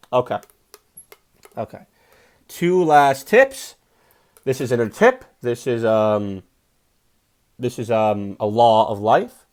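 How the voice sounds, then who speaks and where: A young adult man, a comedian, telling a rambling, profane story in a casual monologue and getting loud and fired up when he preaches. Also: medium pitch, animated, slow pace, long pauses. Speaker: comedian and podcast host.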